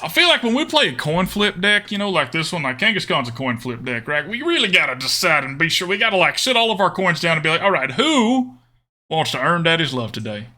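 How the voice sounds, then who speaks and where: Male streamer, slightly high, very bright tone, chatty game commentary in a mock drawl. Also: big pitch swings, fairly quick. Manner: chatty, talks to chat viewers; jokingly put-on twangy drawl.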